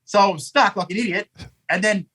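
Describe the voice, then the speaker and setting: A man's voice: high voice, a little fast, pushed and bright, slightly rough, low-quality recording. An Australian man telling a rambling story as a podcast guest, swearing often and full of energy. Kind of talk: casual storytelling.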